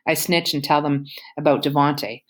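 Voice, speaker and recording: A woman reads a novel aloud in a low voice. Now and then she drops into quiet whispered asides. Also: fairly even intonation, normal speed. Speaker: audiobook reader.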